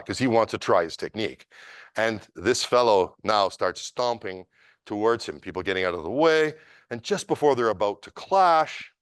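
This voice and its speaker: A man's voice: on the low side, no room sound, clean studio sound. Man telling a story at a seminar. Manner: animated, emphatic storyteller. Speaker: martial arts instructor.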